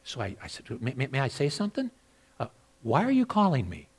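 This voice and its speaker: A man preaching a sermon as a pastor, moving between loud, emphatic exhortation and quieter personal storytelling with repeated words. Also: medium pitch, wildly swooping pitch, a little fast, breathy edge. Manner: repeats and restarts words when telling a story.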